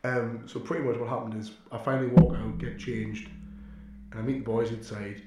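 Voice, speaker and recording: A man's voice: medium pitch, flat delivery, brisk, darkish tone, a little hiss or hum. Crude, blunt young guy in an echoey room. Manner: crude, blunt, swears a lot. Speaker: podcast co-host. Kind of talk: casual storytelling chat.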